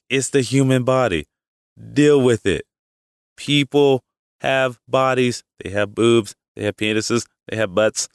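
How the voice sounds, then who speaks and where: A man's voice: mid-range voice, a little slow, clean tone, dry recording, clean studio sound. A man hosting his podcast, talking casually through a rambling opinion monologue with many restarts and asides. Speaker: podcast host.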